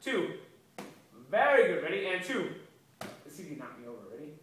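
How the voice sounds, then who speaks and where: A man coaches a child through karate drills, rattling off counts and praise at a brisk clip. His voice sits a little high for a man and bounces around a bare, echoey studio. He stands back from the microphone, with a faint hiss underneath. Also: sing-song, a bit bright, distant mic. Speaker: karate instructor. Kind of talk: kids' self-defense lesson. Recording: echoey room, voice from off-mic.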